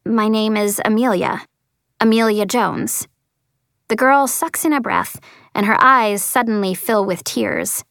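A woman's voice: on the high side, unhurried, creaky, a bit bright, no echo, studio quality. A woman reading a first-person story as an audiobook narrator, earnest and lightly voicing the dialogue.

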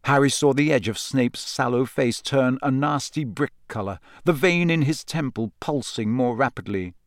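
A man's voice: mid-range voice, dry recording, clean studio sound. Man reading a novel aloud. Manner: measured storytelling. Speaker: audiobook narrator. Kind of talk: scripted narration.

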